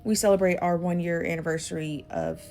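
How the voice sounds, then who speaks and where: A woman's voice: lowish voice, very animated, fairly quick, darkish tone, faint music behind. A woman telling a casual storytime, chatty and full of fillers and quoted dialogue.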